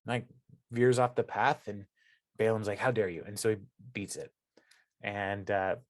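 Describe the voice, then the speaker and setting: A man giving a casual Bible study talk, first reading a passage aloud and then explaining it in a chatty way with many fillers and restarts. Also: mid-range voice. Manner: conversational, many fillers and restarts, laughs at the story. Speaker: Bible teacher.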